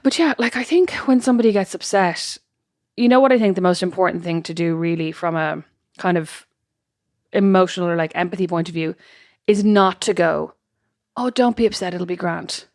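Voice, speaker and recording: A woman's voice: fairly low pitch, a little mellow, no echo, clean studio sound. A woman co-hosting a podcast in casual chat, chatty and full of fillers. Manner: chatty, quick, lots of fillers. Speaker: podcast co-host.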